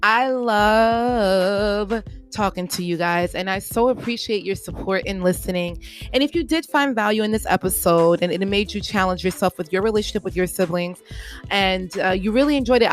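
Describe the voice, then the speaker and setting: A woman hosting her own podcast, speaking in an earnest, encouraging way and repeating her points for emphasis, with the odd playful aside. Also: medium pitch. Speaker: podcast host. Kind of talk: solo podcast monologue.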